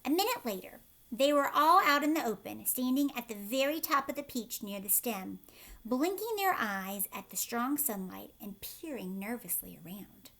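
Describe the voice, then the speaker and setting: Expressive woman reading a story aloud. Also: a little high, moderate pace, vocal fry. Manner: expressive, asks listeners questions; often drops to a whisper. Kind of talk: children's read-aloud narration.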